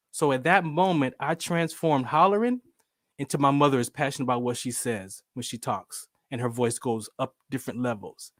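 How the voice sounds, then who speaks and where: A man telling stories in a casual interview, lively and acting out the voices of the people he quotes. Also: mid-range voice, normal speed, no room sound, studio quality. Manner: animated, acts out quoted voices. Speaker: show host, veteran.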